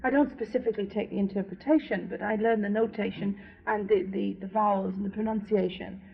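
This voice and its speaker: A woman's voice: mid-range voice, fairly quick, vocal fry, breathy edge. Woman telling stories on old radio. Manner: lively anecdotal storytelling. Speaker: opera singer, interview guest. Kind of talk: chatty radio interview. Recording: dull lo-fi 1970s radio recording.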